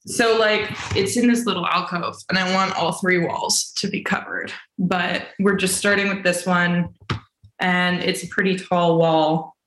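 A woman's voice: fairly low pitch, fairly even intonation, a little slow, a bit bright. A woman in her twenties co-hosting a podcast over a video call, chatting casually in a dry, teasing way. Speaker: podcast co-host. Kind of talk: casual chat. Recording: roomy echo on video call.

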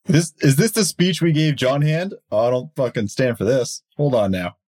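A man plays a tabletop game, bantering and insistent as he argues points with the table. His voice sits at an ordinary middle pitch. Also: moderate pace, a little mellow. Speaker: player. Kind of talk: casual tabletop game chat.

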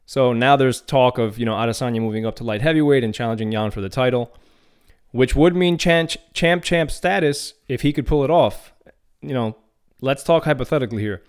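A man hosts his own podcast solo, covering MMA news in a casual, opinionated style with a few restarts. His voice is medium-pitched, smooth, and fairly quick.

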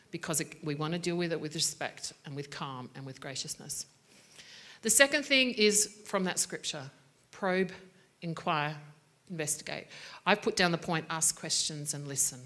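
A woman's voice: deep voice, bright, forceful tone. A woman who works as a teacher, giving a devotional talk on speaking graciously, conversational and checking in with her listeners often. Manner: conversational, with frequent "right?" check-ins. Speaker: teacher giving a faith-based parenting talk.

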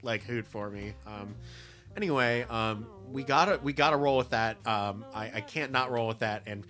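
A man's voice: medium pitch, moderate pace, fairly bright tone, faint music behind. A young man co-hosting a podcast, ranting in mock outrage and swearing through casual, tipsy banter. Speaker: podcast co-host.

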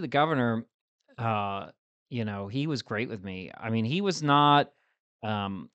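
A man, a state senator, talking as a guest in a relaxed, frank conversation. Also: fairly low pitch, dry recording, lo-fi sound. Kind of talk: casual conversation.

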